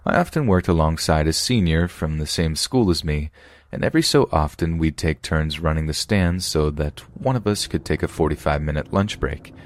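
A man narrating true horror stories for a podcast in a steady, measured reading. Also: very deep voice, no echo.

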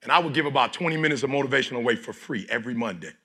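A middle-aged man from Detroit giving a preachy motivational speech to a live audience, often shouting and leading call-and-response. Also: mid-range voice, rapid-fire, husky. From Detroit, United States. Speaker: motivational speaker.

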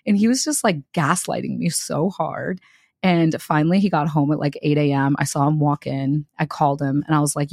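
A woman's voice: low voice, steady tone, moderate pace, a little mellow, no room sound, studio quality. A young woman co-hosting a podcast, telling a story casually and acting out the quotes with laughter. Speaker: podcast co-host. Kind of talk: casual chat.

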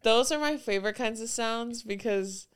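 A woman's voice: fairly high pitch, moderate pace, clean tone. A woman co-hosting a casual podcast chat, laughing often and quoting viral clips. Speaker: podcast co-host.

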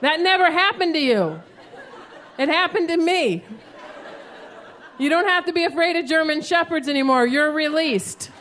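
High-voiced middle-aged woman doing stand-up. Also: normal speed, pauses often. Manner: animated, loud storytelling with shouted outbursts. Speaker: stand-up comedian. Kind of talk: stand-up comedy set. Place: comedy club stage before a live audience. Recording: faint crowd and room noise.

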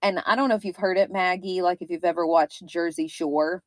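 A woman's voice: on the low side, steady tone, fairly quick, no room sound. Chatty woman with a Kentucky accent. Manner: chatty, rambling, with frequent fillers. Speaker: podcast co-host. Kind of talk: casual true-crime podcast chat.

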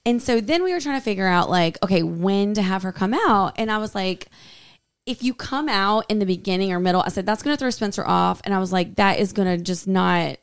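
A woman, co-hosting a podcast, telling a lively story in casual chat and laughing often. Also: mid-range voice, a little fast, clean tone. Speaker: podcast co-host.

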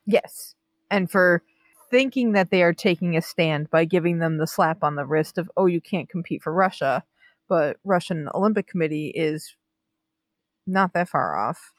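A woman co-hosting a casual sports talk show, fired up and indignant. She stumbles and restarts as she talks. Her voice sits a little low and sounds close and dry. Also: moderate pace, no room sound. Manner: animated, indignant commentary with restarts. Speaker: podcast co-host. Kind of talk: casual chat about Olympic news.

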